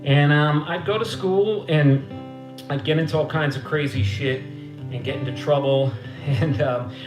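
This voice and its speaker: A man's voice: on the high side, unhurried, music in the background. Profane storytelling man in an echoey room. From Queens, New York. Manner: casual, profane, laughing storyteller who acts out voices. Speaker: musician and host. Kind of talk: storytelling between songs on a livestream. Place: living room.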